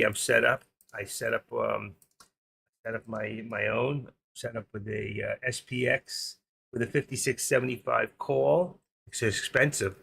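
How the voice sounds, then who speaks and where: This is an older man whose voice is heavily gravelly and husky. He hosts a live trading stream in a rambling, joking way, often thinking aloud as he works. The pitch sits at an ordinary middle level. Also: a bit bright. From New York. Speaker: stream host, trader. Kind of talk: casual live-stream chat.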